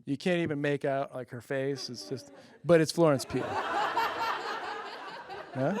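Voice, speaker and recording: A man with a mid-range voice hosts a public-access comedy show, speaking a little slowly with long pauses over background noise. He rambles loosely through jokes, full of fillers, laughing at his own bits and asking whether they land.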